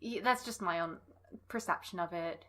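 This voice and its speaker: Tipsy lady cohost, sharp bright voice, jokey and swears a lot. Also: on the low side. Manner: joking, swears freely, quick quips. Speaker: podcast co-host. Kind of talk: casual chat.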